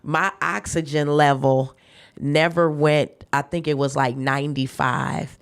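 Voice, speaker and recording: Lively lower-voiced woman telling a story. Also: measured pace, creaky. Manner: animated, laughing, acts out quoted voices; faith-filled, emphatic retelling. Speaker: guest chef. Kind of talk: casual storytelling interview.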